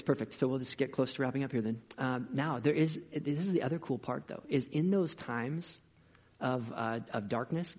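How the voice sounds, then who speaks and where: A man preaching a sermon as a pastor, in an energetic, conversational way with rhetorical questions, in a dull lo-fi recording. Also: medium pitch, slightly rough.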